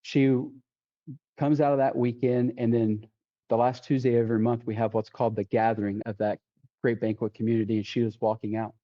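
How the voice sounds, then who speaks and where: A deputy sheriff tells his personal testimony on a podcast in a medium-pitched, level voice, talking a little fast. He vividly retells conversations with quoted lines and often restarts his sentences, and the sound is dull and lo-fi.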